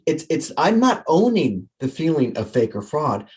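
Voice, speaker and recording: A man with a slightly high voice talks with quick energy as a guest in an interview. He answers in a conversational way and acts out his own inner thoughts as he explains. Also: sing-song, darkish tone. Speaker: guest, author and coach.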